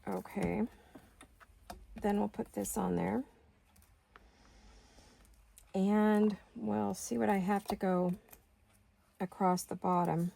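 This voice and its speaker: Gravelly chatty woman crafting. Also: mid-range voice, steady tone, slow pace, long pauses, dark tone. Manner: chatty, talks to herself while working. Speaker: craft video host. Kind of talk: casual crafting chat.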